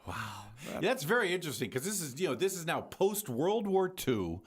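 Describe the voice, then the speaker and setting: A man with a fairly high, husky voice speaks at a normal speed in a sing-song way. He's co-hosting a podcast, chatting casually about films with an enthusiastic, jokey energy.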